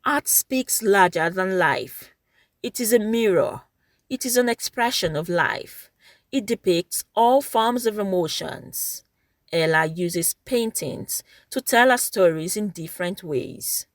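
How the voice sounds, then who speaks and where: A woman giving measured, scripted narration for a television feature. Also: medium pitch, lively intonation, no echo, clean studio sound. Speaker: program narrator.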